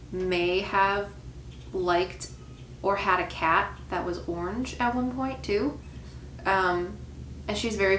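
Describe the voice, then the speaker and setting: A woman's voice: medium pitch, a bit bright. A woman medium talking casually over a reaction video, musing and hesitant, with many fillers. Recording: echoey room with faint noise.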